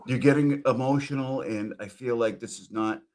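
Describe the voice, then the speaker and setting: A man's voice: medium pitch, normal speed, noisy background. A man giving comedic reaction commentary, sarcastic and mock-pleading, with plenty of profanity.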